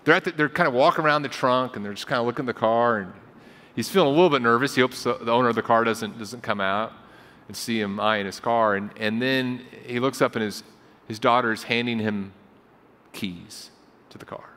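A man's voice: medium pitch, brisk, sharp tone. Man preaching, conversational, in reverberant hall. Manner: conversational storytelling preaching, repeats phrases for emphasis. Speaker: pastor. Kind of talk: sermon.

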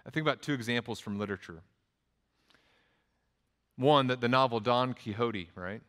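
A man with a Texas accent, preaching a sermon in a relaxed, conversational way, with frequent restarts and quoted asides. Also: medium pitch, normal speed, clear, resonant tone. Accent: Texan. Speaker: pastor. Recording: long hall reverb.

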